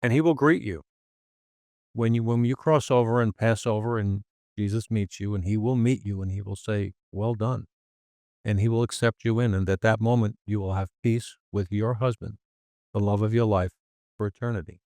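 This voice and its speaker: A male podcast host offers reassurance in an earnest, preacherly rhythm. His voice sits on the low side. The recording is dry and close. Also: fairly even intonation, normal speed, darkish tone, dry recording. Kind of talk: earnest faith-based reassurance.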